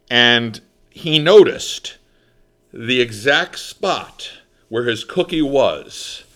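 A man from the United States hosting a talk show, telling a story in a theatrical, emphatic monologue that swings between loud and soft. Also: mid-range voice. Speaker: talk radio host.

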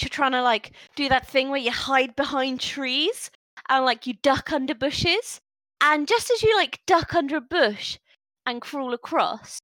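Female game master, high, lively voice, dry close sound, casual narration. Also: no room sound, rough recording. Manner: relaxed, chatty, laughs easily.

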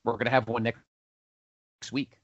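A man's voice: mid-range voice, takes it slowly, lo-fi sound, slight background noise. A man hosting a casual podcast countdown, rambling and correcting himself as he goes. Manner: rambling, self-correcting, animated. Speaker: podcast host.

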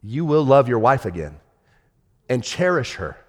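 A man pastor preaching a sermon, swinging from shouted rebukes to hushed, tender storytelling. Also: medium pitch, very animated, a little slow. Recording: long hall reverb.

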